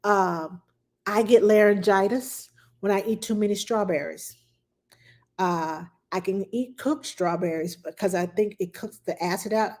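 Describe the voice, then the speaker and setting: A woman's voice: medium pitch, unhurried, a little mellow. A woman hosting a casual advice talk for parents, telling stories chattily with many fillers and asides. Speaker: childcare advice host.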